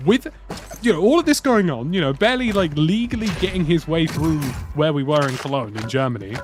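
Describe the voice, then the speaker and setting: A man's voice: a little high, lively intonation, brisk. Rambling British man over game noise. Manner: rambling, laughing storyteller with crude slang. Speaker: gaming YouTuber. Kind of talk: casual anecdote over gameplay. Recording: game sound noise under voice.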